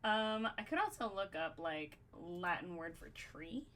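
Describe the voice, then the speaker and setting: A woman's voice: on the low side, very animated, unhurried, fairly bright tone. A woman hosting a podcast, brainstorming in casual chat, swearing freely and thinking aloud with lots of fillers. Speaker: podcast host.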